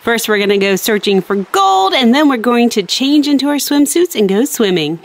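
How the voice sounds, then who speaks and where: A woman voicing a calm, slightly strict mother working as a flight attendant in a toy play-acting story, with a soothing, orderly way of talking. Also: on the high side, moderate pace.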